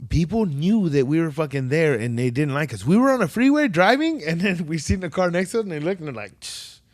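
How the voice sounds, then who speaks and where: A man's voice: fairly high pitch, a little fast, no echo, clean studio sound. A man telling stories in casual podcast chat, swearing freely and acting out the people he quotes. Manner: profane storytelling, animated quoted voices.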